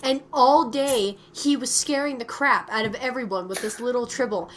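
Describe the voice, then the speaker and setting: A woman co-hosting a podcast in casual chat, telling stories in an animated way and giggling often. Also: a little high, normal speed. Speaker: podcast co-host.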